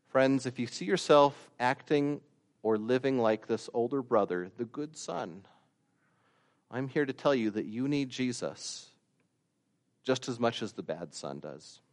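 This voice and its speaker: A man preaching a sermon, slow and deliberate, rising to loud emphatic peaks and dropping to quiet asides. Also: medium pitch, expressive. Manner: slow, deliberate delivery with long pauses.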